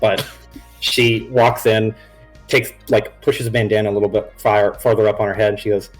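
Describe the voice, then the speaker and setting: A man's voice: fairly low pitch, little pitch movement, moderate pace, faint music behind. A man narrating a tabletop game as game master on a live stream, in a loose and rambling way with many restarts.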